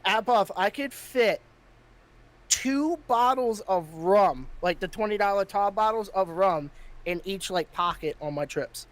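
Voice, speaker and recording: A man's voice: sits high, expressive, unhurried. A man hosting a podcast, telling a story in casual chat and getting heated, with plenty of swearing. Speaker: podcast host.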